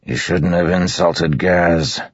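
Weary bridgeman, read by a male narrator: gruff, hollow and muffled, blunt advice, very deep, audiobook. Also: level tone, takes it slowly, dry recording, full character voice. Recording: dull lo-fi recording.

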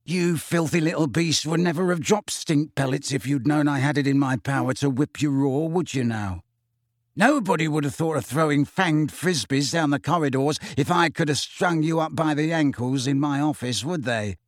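A man's voice: fairly high pitch, moderate pace, dry recording, clean studio sound, lightly acted. A man voicing a spiteful old male caretaker who wheezes and leers as he gloats. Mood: gloating. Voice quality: wheezing, leering.

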